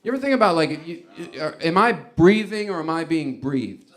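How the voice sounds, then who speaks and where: A male stand-up comedian working through a set with a slightly higher-than-usual voice. He rambles in a loose, conversational way and often laughs at his own jokes as he goes. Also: expressive, moderate pace, a bit bright. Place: comedy club stage before a live audience.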